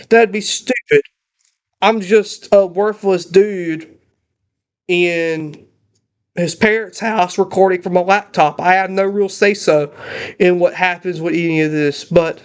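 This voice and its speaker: A young man ranting in a casual home vlog, emotional and halting with many restarts, recorded on a laptop in his parents' house. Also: sits high. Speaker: channel host.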